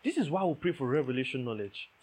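A man's voice: medium pitch, lively intonation, quick pace, a little mellow, breathy edge. A man preaching a sermon, emphatic, repeating key phrases and checking that listeners understand.

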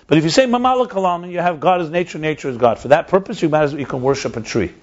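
A man's voice: on the high side, expressive, rapid-fire. A man explaining ideas in a conversational teaching style, emphatic and repeating his key points. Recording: dull lo-fi recording.

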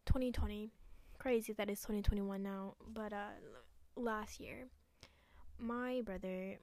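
A young woman hosting a solo podcast, ranting angrily with lots of swearing and some hushed, whispered asides, recorded at home. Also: mid-range voice, fairly even intonation, measured pace, no room sound. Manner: angry, profane, dips into hushed asides. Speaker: podcast host. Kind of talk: casual solo podcast rant.

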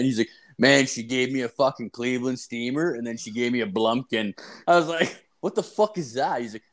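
A man's voice: mid-range voice, fairly bright tone. A young man co-hosting a podcast, telling rambling crude stories full of "like" and swearing. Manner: rambling storyteller, many "like"s, swears freely. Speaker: podcast co-host. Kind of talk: crude casual podcast banter.

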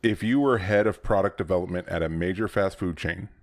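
A man's voice: deep voice, brisk. A young man co-hosting a podcast in casual chat, rambling through stories and laughing often. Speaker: podcast co-host.

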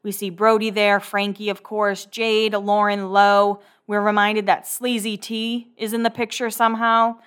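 A woman hosting a casual podcast, recapping a show in a rambling, chatty way with sarcastic asides and quick self-corrections. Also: medium pitch, little pitch movement, fairly bright tone, clear, resonant tone.

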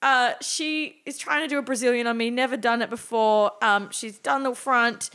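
A woman's voice: a little high, fairly even intonation, normal speed, bright, forceful tone. A young woman co-hosting a casual podcast, telling stories and often breaking into laughter. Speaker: podcast co-host. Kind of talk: casual chat, storytelling.

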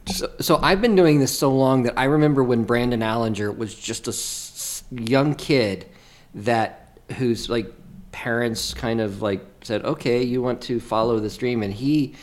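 A man's voice: mid-range voice, measured pace. A man co-hosting a podcast, talking in a rambling, casual way. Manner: rambling, meandering. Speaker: podcast co-host. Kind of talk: casual chat.

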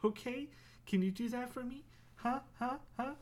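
A man's voice: very high voice, moderate pace, pitched above the performer's own voice. A man voicing his bossy, foul-mouthed female house cat, who nags and demands food in a sarcastic, impatient way.

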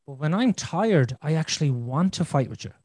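A man's voice: a little high, animated, moderate pace, darkish tone, breathy edge, dry recording, clean studio sound. A man in his thirties hosting a podcast, telling a frank, rambling personal story and swearing freely. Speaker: podcast host. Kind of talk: candid conversational storytelling.

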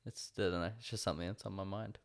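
A man's voice: deep voice, steady tone, rapid-fire, gravelly. A young Australian man co-hosting a podcast, chatting casually in a rambling, hesitant way with lots of fillers. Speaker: podcast co-host. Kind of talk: casual chat.

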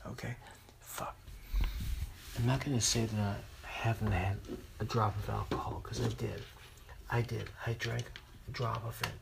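A man ranting in a solo podcast, furious and profane, swinging between loud outbursts and hushed whispers, recorded in his room at night. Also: fairly low pitch, little pitch movement, moderate pace, gravelly, long pauses, noisy background. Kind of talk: angry solo podcast rant.

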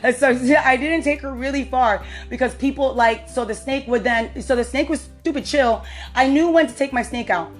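A woman's voice: high-pitched, moderate pace, faint music behind. A young adult woman hosting a podcast, chatting casually and telling a story, laughing often and acting out the voices she quotes. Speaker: podcast host. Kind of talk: casual chat.

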